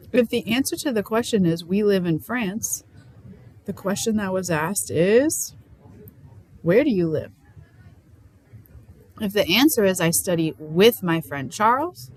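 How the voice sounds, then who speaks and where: A woman's voice: mid-range voice, low-quality recording. A woman teaching French question words in an upbeat, playful way. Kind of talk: lesson.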